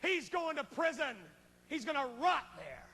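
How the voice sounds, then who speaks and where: A man's voice: extremely high pitch, sing-song, a little slow, pushed and bright, pitched above the performer's own voice, heavily acted. A man preacher voicing a stern, weary male judge who speaks firmly. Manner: firm, fed up.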